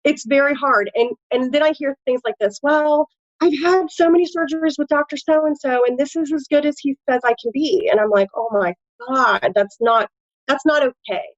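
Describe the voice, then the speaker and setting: A woman's voice: high voice, moderate pace, no room sound, muffled recording. A woman with a Midwestern American accent, a tattoo artist and nurse, talking casually in an interview with lots of fillers. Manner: chatty, animated, frequent fillers.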